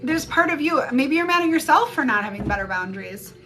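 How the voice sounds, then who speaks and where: A woman with a fairly high voice gives a casual spiritual reading into a phone, rambling and blunt and swearing freely. Music plays clearly behind her. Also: lively intonation, fast talker. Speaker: psychic reader on a live stream. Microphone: phone mic.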